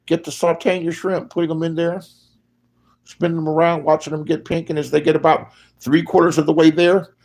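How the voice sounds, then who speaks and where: A man speaking in a profane, casual commentary rant, his voice jumping loud and high when he mocks people. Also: creaky. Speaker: online commentator.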